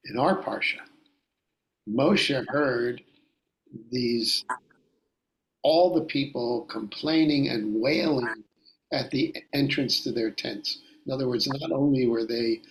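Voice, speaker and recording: A man leads a scripture lesson with a gravelly voice at an ordinary pitch. He speaks deliberately, going back over his words and restarting his phrases as he explains. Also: a bit bright, rough recording. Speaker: Torah teacher. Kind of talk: Bible study lecture.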